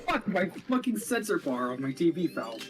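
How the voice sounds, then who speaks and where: A man hosting a game stream in casual chat, animated, swearing constantly and laughing through his lines. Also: fairly high pitch, normal speed, music in the background. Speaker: streamer and host.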